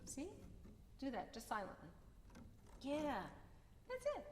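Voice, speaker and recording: A woman's voice: high voice, wildly swooping pitch, slow, very noisy. A woman teaching a piano masterclass, encouraging and singing phrases to demonstrate. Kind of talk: masterclass coaching. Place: concert hall with piano. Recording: echoey hall with piano playing.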